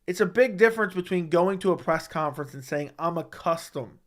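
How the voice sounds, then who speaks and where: A man's voice: a little high, animated, brisk. A young man hosting a livestream who reads viewer comments aloud and answers them bluntly, swearing often. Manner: blunt and profane, talks back to chat. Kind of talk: casual livestream chat. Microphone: studio microphone at a desk.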